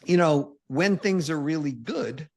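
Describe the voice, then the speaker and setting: A man's voice: on the high side, animated, unhurried. Emphatic man, guest on an interview. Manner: emphatic, full of "like" and "you know". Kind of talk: casual podcast interview.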